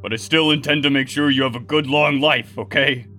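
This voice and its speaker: A man playing a remorseful male guardian who talks in halting, choked apologies during a tabletop game. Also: mid-range voice, steady tone, pushed and bright, soft background music. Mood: tearful. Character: remorseful grieving male guardian, tender and guilty.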